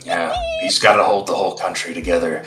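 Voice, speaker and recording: A man chatting casually on a stream with lively, hesitant speech. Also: sits low, a little fast, roomy sound, soft background music. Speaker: guest on stream. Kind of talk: casual chat.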